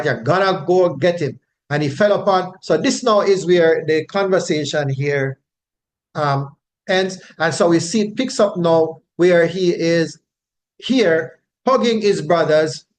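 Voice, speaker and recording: A man's voice: on the high side, slight background noise. A man teaching the Bible verse by verse in an explanatory way, often checking in with his listeners. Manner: unhurried, explanatory, frequent tag questions.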